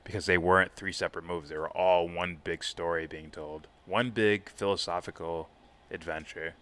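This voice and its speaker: A man's voice: sits low, steady tone, moderate pace, fairly bright tone. A man co-hosting a casual live reaction stream, rambling about films with lots of swearing and laughter. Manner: profane, rambling, laughs a lot. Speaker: co-host.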